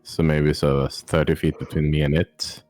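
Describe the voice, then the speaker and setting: A man's voice: a bass voice, little pitch movement, moderate pace, a little mellow, soft background music. A man playing a tabletop game, describing his moves in a laid-back, matter-of-fact way. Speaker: player. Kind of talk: casual tabletop play.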